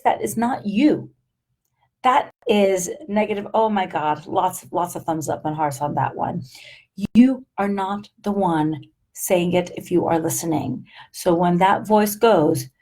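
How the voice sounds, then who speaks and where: A woman's voice: medium pitch, darkish tone. Upbeat woman life coach, emphatic. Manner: upbeat and emphatic, checking in with "right?" and "okay?". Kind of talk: live-streamed motivational talk.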